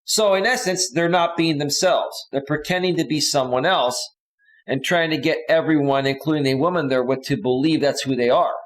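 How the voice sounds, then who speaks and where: A man's voice: fairly high pitch, normal speed. A male relationship coach giving casual advice in an earnest, lecturing way.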